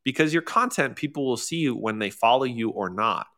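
A man leads a casual workshop in a bright, forceful voice. He talks in a chatty, animated way, full of fillers and restarts, and now and then jumps high for an exclamation. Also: normal speed. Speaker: workshop host.

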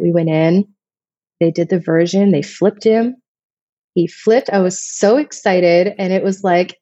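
Woman, thirties, lowish warm voice, emotional rambling story, dull lo-fi sound. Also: dry recording. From Vermont, US. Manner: emotional, rambling, many restarts. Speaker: podcast guest, photographer. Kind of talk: casual personal storytelling.

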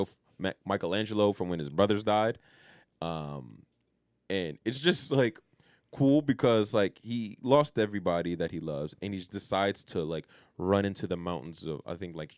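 This podcast co-host has a low-sitting voice, recorded at studio quality with no room sound. He chats casually and loosely, packing his talk with slang, fillers and swearing.

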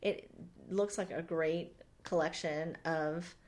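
A woman's voice: on the low side, steady tone, takes it slowly, darkish tone. A woman co-hosting a podcast, chatting casually and rambling with lots of ums and restarts. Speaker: podcast co-host. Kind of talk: casual chat.

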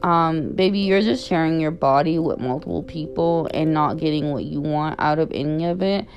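A woman's voice: sits low, moderate pace, highs cut off. A young woman giving candid, blunt advice in a casual chat, with frequent fillers.

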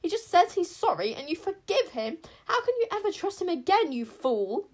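A woman reading an audiobook, voicing a furious, proud warrior queen who shouts and scolds. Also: on the high side, very animated, a little fast, voice pushed up. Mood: raging. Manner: shouting, scornful. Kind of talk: audiobook character voice.

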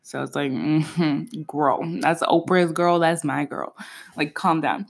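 A woman's voice: sits low, slow pace, gravelly. A woman in her twenties hosting a podcast on her own, chatting casually in a playful, slangy way with plenty of fillers and laughs. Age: 20s. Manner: chatty and expressive, laughs often. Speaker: podcast host. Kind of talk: casual solo chat.

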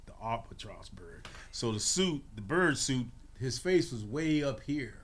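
A man in his sixties telling lively, laughing stories as a guest on a radio morning show, acting out voices as he goes. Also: medium pitch, unhurried. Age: 60s. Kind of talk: casual storytelling on a radio show.

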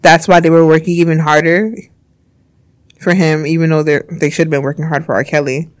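A podcast co-host in casual chat, wry and opinionated, with quick quips. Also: mid-range voice, little pitch movement, no room sound, studio quality.

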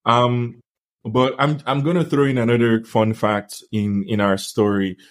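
A young man co-hosting a casual podcast chat, telling stories in an animated, playful way. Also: mid-range voice, unhurried. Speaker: podcast co-host.

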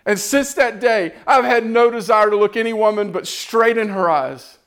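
A man's voice: high voice, normal speed, fairly bright tone, clean tone. A man giving an impassioned, earnest sermon testimony, repeating phrases as he builds.

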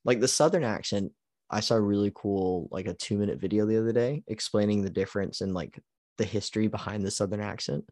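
A man's voice: fairly low pitch, fast, darkish tone, dry recording, studio quality. A man co-hosting a podcast in casual chat, laughing often and leaning on "like". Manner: laughs often, heavy use of "like". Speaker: podcast co-host.

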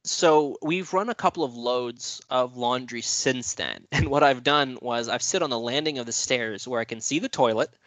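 A man's voice: medium pitch, moderate pace, hardly any pauses, fairly bright tone, no echo. A man telling a long story in a casual chat, rambling with many fillers and frequent swearing. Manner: rambling, profane, lots of fillers.

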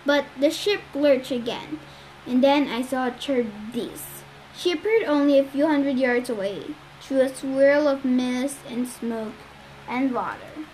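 A woman reads a novel aloud in a high voice, now and then tripping over a word and starting again. A faint hiss sits behind her. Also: a little slow, darkish tone, low-quality recording. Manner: occasional stumbles and restarts. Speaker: reader.

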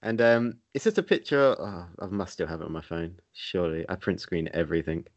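A man's voice: low-pitched, fairly quick, highs cut off. A man co-hosting a podcast, chatting casually and joking with frequent laughs. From United Kingdom. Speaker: podcast co-host. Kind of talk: casual chat.

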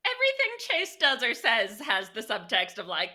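A woman's voice: on the high side, wildly swooping pitch, normal speed, few pauses, pushed and bright. A woman co-hosting a casual comedy podcast, tossing in wry quips between her friends' jokes. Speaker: podcast co-host.

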